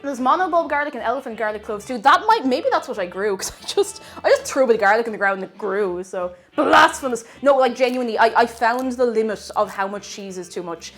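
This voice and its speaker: Young Irish woman from Tipperary, bright-pitched streamer who chats and laughs with her chat while cooking over soft music. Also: lively intonation, fast talker, few pauses. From Tipperary, Ireland. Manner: chatty, giggly, greets chat while cooking. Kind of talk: casual cooking livestream chat.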